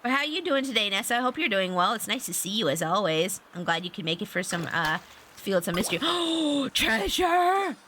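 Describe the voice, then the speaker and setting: A woman streaming a farming game, chatting casually and getting excitable and squealy over every find. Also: medium pitch, fast talker, background noise. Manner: bubbly, excitable, squeals at finds. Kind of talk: casual gameplay stream chat.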